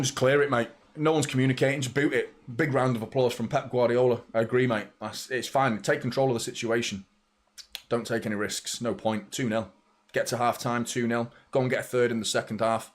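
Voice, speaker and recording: A man hosting a live football watchalong. He reacts excitably to the play, swears freely and chats with viewers' messages. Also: medium pitch. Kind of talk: live match watchalong commentary.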